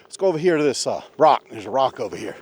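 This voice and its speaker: Folksy man, lively hushed talk. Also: mid-range voice, quick pace. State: a bit out of breath. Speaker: vlogger. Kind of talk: casual outdoor vlog and how-to talk. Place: outdoors in woods.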